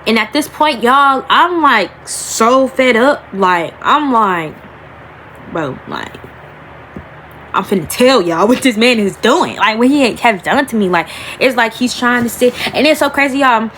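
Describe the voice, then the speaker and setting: A woman's voice: on the high side, animated, a bit bright, a little hiss or hum, rough recording. A young woman, telling a personal story to camera in a rambling, emotional way and calling her viewers y'all, stretching out the key words. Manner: emotional, rambling, addresses viewers as y'all, slows and rises on emphasis. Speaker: vlogger. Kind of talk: storytime vlog talking to camera.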